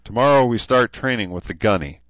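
A man's voice: medium pitch, expressive, brisk, fairly bright tone, no echo, pitched above the performer's own voice, natural voice. A man doing a wry easygoing young recruit leader. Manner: dry, joking. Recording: dull lo-fi dry audio.

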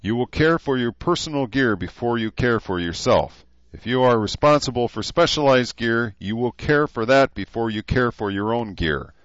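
A man's voice: medium pitch, lively intonation, moderate pace, dry recording, voice pushed up, close to an everyday voice. A man voicing a tough older male gunnery sergeant who lectures recruits in a formal, commanding way, on a dull, dry recording.

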